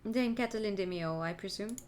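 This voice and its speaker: A woman voices a composed male falcon lawyer in a video game. He speaks formally and evenly, in a lowered voice with a dry edge. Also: darkish tone, a little hiss or hum, natural voice. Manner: formal, measured.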